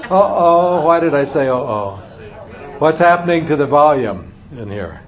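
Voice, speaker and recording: A man's voice: medium pitch, animated, moderate pace. A man giving a live parenting seminar to an audience, wry and humorous, acting out little parent-and-kid dialogues. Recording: dull lo-fi recording with faint noise.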